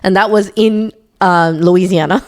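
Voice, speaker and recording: A woman's voice: medium pitch, unhurried, a little mellow. A young woman co-hosting a podcast, asking questions in a curious, teasing, casual way. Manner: curious, teasing, easy laughs. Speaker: podcast co-host. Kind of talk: casual chat.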